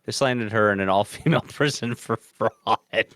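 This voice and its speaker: A man's voice: on the low side, moderate pace, a bit bright, no room sound. Dry-sounding man reading true crime notes. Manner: casual, profane, reads notes with asides. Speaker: podcast co-host. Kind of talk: casual true crime podcast chat.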